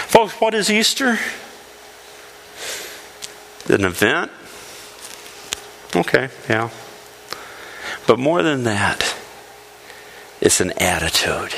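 Man preaching, high voice, emphatic, repeats key lines, long church-hall echo. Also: creaky, bright, forceful tone, a little hiss or hum. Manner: emphatic, repeats phrases, questions the congregation. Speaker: pastor. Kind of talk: sermon.

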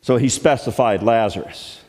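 A man pastor preaching a storytelling sermon, animated, dropping to hushed tones and rising to loud exclamations. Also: medium pitch, moderate pace. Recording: long hall reverb.

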